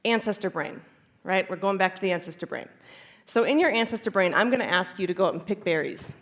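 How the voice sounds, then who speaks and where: A chiropractor speaking at a conference before a live audience, animated and laughing often as she acts out inner voices. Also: medium pitch, fast. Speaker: chiropractor giving a conference talk. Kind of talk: lively conference talk.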